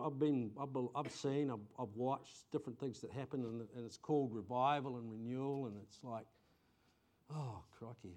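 A middle-aged man, preaching a conversational sermon and telling stories with sudden bursts of excitement. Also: mid-range voice. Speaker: pastor.

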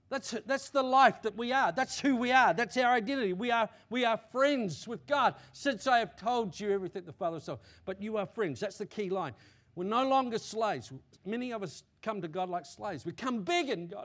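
In church, a male pastor preaches a sermon to his congregation, swinging between loud emphatic declarations and quiet asides. He often repeats himself and checks that listeners are with him. His high voice has lively intonation at normal speed.

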